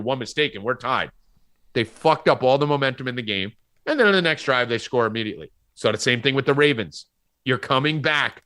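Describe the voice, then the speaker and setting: Male sports podcast host, animated and swearing, bright voice, dry close sound. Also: on the high side, no echo. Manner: profane, ranting, animated. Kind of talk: sports betting podcast chat.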